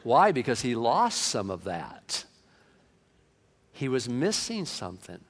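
A man preaching a sermon in a lively manner, acting out comic quotes and voices. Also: mid-range voice, slow pace. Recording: long hall reverb.

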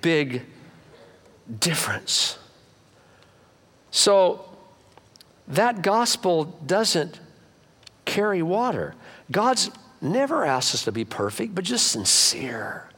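A middle-aged man preaching a sermon as pastor, swinging between loud emphatic lines and low quiet asides. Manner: animated preaching with wide swings of pitch and loudness.

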